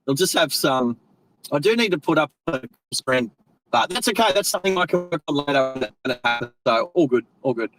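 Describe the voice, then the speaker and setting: Animated and talking fairly quickly in a slightly high voice, an Australian man chats casually on a live stream while driving. He rambles, uses friendly slang and corrects himself mid-sentence; the recording quality is low.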